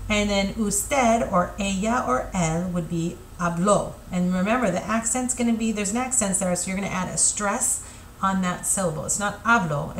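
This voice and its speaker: Woman teacher, patient explainer, says "okay?" often; mid pitch; roomy echo. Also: creaky, a bit bright, a little hiss or hum. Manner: patient, explanatory, frequent fillers and "okay?" checks. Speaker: Spanish teacher. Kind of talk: recorded online lesson.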